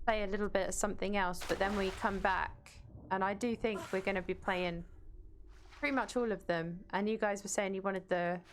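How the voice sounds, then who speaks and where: A woman's voice: medium pitch, a little hiss or hum. A woman streaming a game from home without a webcam, chatting casually and reading out and greeting her viewers. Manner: chatty, greets viewers and reads chat aloud. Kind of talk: casual live-stream chat while gaming. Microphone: desk mic, no webcam.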